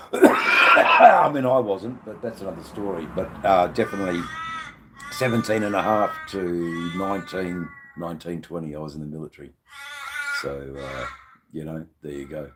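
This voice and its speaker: An Australian livestreamer welcomes chat viewers, rambling on and swearing without restraint. He speaks in a deep, unhurried voice with fairly even intonation, and there's background noise.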